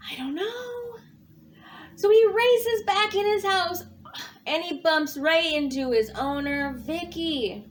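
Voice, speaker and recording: A woman reading a picture book aloud for children, counting along and gasping with animated emphasis. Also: very high voice, slow pace, slight background noise. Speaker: children's librarian. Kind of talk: children's storytime read-aloud.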